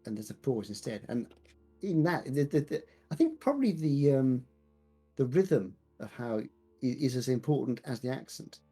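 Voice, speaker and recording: Man chatting in a mellow, husky voice. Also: mid-range voice, big pitch swings, moderate pace, faint music behind. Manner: thoughtful, rambling with many restarts and "uh"s. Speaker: podcast co-host and D&D player. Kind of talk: casual chat.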